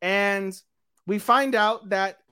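A podcast co-host in loose, casual chat, recapping an anime plot in a crude, profane, rambling way. The voice sits at a middling pitch, neither high nor low. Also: slow, noisy background.

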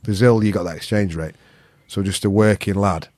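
A man's voice: lowish voice, steady tone, normal speed, a little mellow, dry recording. A middle-aged man with a Yorkshire accent, a podcast guest telling stories in a blunt, sweary way. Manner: blunt, sweary, northern dialect grammar. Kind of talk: casual storytelling.

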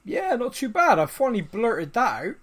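A man's voice: very high-pitched, wildly swooping pitch, normal speed. A man hosting a casual podcast, joking around and stumbling over his words. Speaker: podcast host. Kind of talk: casual chat.

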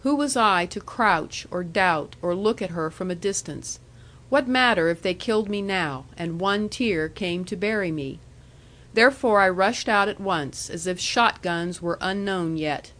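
A woman reading a classic novel aloud in the first person, in a measured, earnest way. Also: fairly low pitch, fairly bright tone. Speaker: audiobook reader.

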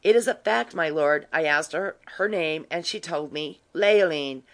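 Grave gentleman with quiet malice, dry delivery, voiced by the narrator. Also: mid-range voice, measured pace. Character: grave, quietly sly gentleman Ormiston, man. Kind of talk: audiobook reading.

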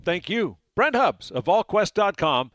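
A man hosting a sports talk radio show, brisk and upbeat as he takes calls and thanks guests. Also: high voice, sing-song, a bit bright, no echo.

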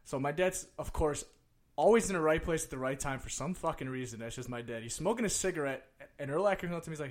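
Profane, animated young man telling stories. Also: on the high side, fast talker. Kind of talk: casual storytelling chat.

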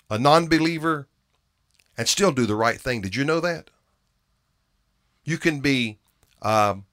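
A man's voice: medium pitch, fairly bright tone. A man preaching a sermon in an earnest way, often repeating phrases and restarting his words for emphasis.

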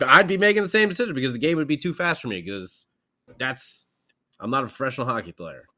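A man's voice: mid-range voice, bright, forceful tone. A man co-hosting a casual sports podcast, sarcastic and exasperated. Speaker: podcast co-host.

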